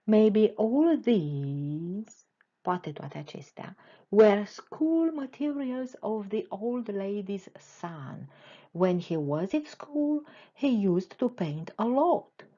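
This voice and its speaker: A woman voicing a gentle, musing little animal friend in a children's storybook. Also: mid-range voice, animated, slow pace, highs cut off.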